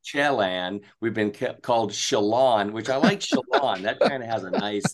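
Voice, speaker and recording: Easygoing low-voiced male guest. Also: a little fast. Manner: easygoing, friendly, with frequent "um"s. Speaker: guest, fruit company marketing director. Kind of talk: casual interview talk.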